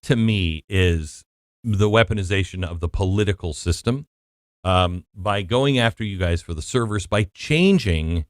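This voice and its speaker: A middle-aged man hosting an interview, asking questions in an animated, exclamatory way. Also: low voice, no room sound, clean studio sound. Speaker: host.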